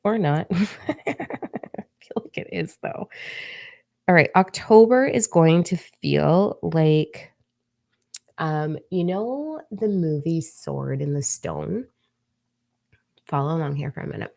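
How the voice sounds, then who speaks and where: Woman, low gravelly voice, blunt and cheeky, casual spiritual forecast monologue. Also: lively intonation, slow pace, mellow, no echo, clean studio sound. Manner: blunt, profane, joking asides; talks to herself in whispered asides.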